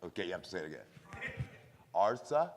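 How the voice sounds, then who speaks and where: A man's voice: deep voice, very animated, brisk. A man answering audience questions on stage at a convention panel, teasing and laughing often. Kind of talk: lively Q&A with an audience. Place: large convention hall. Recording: echoey convention hall.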